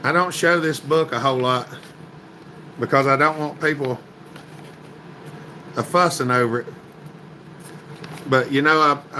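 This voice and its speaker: A man's voice: a little high, pushed and bright, slight background noise, rough recording. A man hosting a casual livestream, reading viewer comments and greeting people by name in a folksy, chatty way. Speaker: livestream host.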